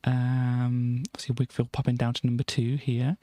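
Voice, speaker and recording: A woman's voice: extremely low pitch, flat delivery, a little slow, mellow, no room sound, clean studio sound. A woman hosting a livestream, chatting casually as she reads out old music charts, rambling and chuckling with many ums and self-corrections. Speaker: livestream host.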